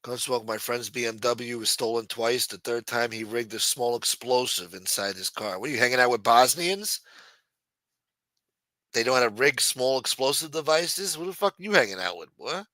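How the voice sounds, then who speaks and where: A man's voice: medium pitch, fairly even intonation, normal speed, bright, forceful tone, no room sound, poor audio. A man hosting a late-night live stream in a loose, profane, teasing way, reading and answering viewer chat. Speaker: live show host.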